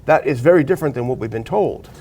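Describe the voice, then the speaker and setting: Co-hosting a political talk show, a man reads quotes from news articles aloud and tacks on blunt remarks of his own. He talks fast with lively intonation, and his medium-pitched voice is husky and darkish.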